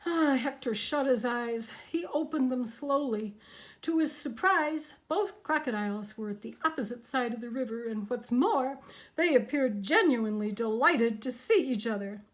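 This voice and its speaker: A woman reading a children's picture book aloud in an expressive, animated way. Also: a little high, moderate pace. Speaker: storybook narrator.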